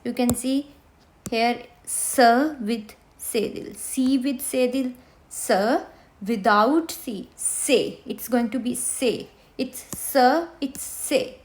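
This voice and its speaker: Slow, patient woman teaching beginners. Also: fairly high pitch, a little mellow. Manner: slow, repeats words for students to hear. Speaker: French teacher. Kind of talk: beginner language lesson.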